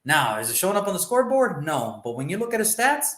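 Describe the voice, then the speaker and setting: In a casual sports prediction chat, a man co-hosting the show rambles loosely about football picks and swears freely. His voice is high, bright, quick, and very animated, captured on a reverberant, rough recording.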